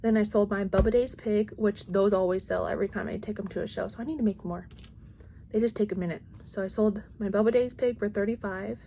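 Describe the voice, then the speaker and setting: A woman's voice: mid-range voice, dark tone, a little hiss or hum. A woman in her thirties, a crochet vlogger, chatting casually at home and rambling with lots of "like" and restarts.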